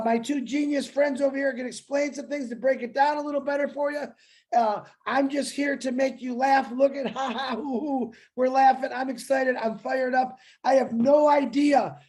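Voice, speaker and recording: Excitable high-voiced man hyping a livestream. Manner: excitable, joking, bursts into shouts. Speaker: co-host. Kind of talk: hyped livestream chat.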